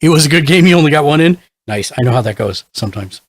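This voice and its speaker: A man's voice: fairly high pitch, animated, quick pace. A man hosting a live game stream, upbeat as he greets viewers and reads chat aloud. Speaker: streamer host.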